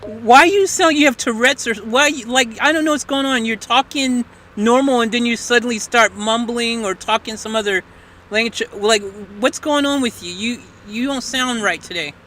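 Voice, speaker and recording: Casting: livestream host, man, high and bright voice, loose rambling chat, playful. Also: moderate pace.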